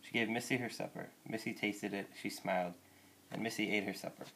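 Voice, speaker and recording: A man reading a children's picture book aloud in a gentle, plain storytelling way. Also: lowish voice, steady tone, brisk, vocal fry, background noise. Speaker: reader.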